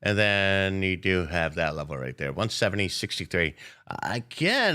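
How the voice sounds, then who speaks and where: A man's voice: sits low, expressive, measured pace, sharp tone. A man hosting a live day-trading stream, chatting casually with viewers in a loose, playful way and swearing freely. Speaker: day-trading livestream host. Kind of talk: casual live market commentary.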